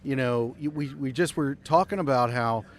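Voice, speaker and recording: A man of middle pitch hosts a live podcast chat in a loose, conversational way. He often stops to hunt for the right word before pressing on. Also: moderate pace. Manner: conversational, searches for words. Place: outdoor trade skills event.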